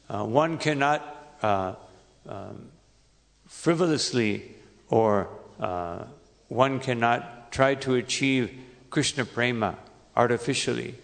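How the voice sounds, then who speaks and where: A man giving an unhurried, halting sermon as a monk, with many pauses and fillers. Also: mid-range voice, creaky. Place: temple hall. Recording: long reverb in temple hall.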